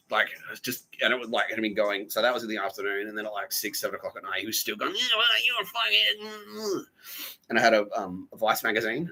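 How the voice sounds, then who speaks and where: A man's voice: fairly low pitch, bright, forceful tone, low-quality recording. A man hosting a podcast, telling a rambling, profane story with lots of laughter. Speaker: podcast host. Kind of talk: casual storytelling.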